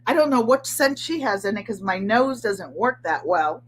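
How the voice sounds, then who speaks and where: A woman's voice: medium pitch, lively intonation, moderate pace, husky. An older woman hosting a sewing and crafts channel, chatting casually to viewers in a rambling way and often repeating herself. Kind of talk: casual live chat.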